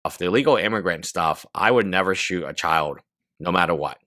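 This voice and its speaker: Low-voiced guy talking over clips, halting with lots of ums, bright tone. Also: dry recording, studio quality. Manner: halting, many fillers. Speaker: commentator in a played clip. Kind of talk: video commentary.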